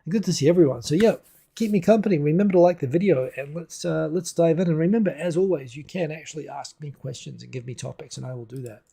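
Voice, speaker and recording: Man, livestream host, gravelly, husky, warm, rambling casual chat. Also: on the high side, fast. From New Zealand. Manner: rambling, chatty, answers viewer comments on the fly. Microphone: desk USB microphone.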